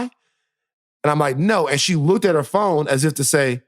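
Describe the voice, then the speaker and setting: A man co-hosts a casual podcast and spins a story with lively energy, acting out every quoted line. His voice sits a little high for a man. The sound is dry and close, with no room at all. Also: normal speed, no room sound. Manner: animated storyteller, acts out quotes. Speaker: podcast co-host.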